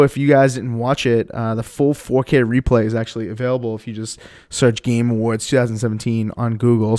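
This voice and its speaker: A man hosts a streamed podcast in a loose, rambling way, leaning on fillers as he moves between topics. His voice sits in a middle pitch and has a smooth, clear tone. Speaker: podcast host. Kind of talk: casual podcast chat.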